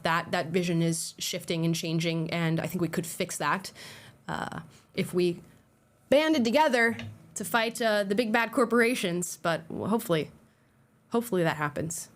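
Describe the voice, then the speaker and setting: A young woman co-hosting a live talk show, chatting casually and hedging her opinions with lots of "like" and "I don't know". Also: fairly low pitch. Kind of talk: casual live-stream chat.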